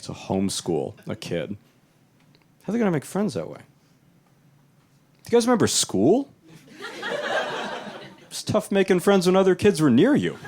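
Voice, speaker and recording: A young adult man doing a live stand-up set in a small club, talking loosely and conversationally and jumping into animated voices for the people he quotes. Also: lowish voice, background noise. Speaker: stand-up comedian.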